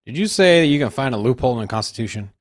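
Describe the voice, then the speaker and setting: A man's voice: mid-range voice, expressive, racing. Blunt joking male co-host. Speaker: podcast co-host. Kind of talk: casual chat.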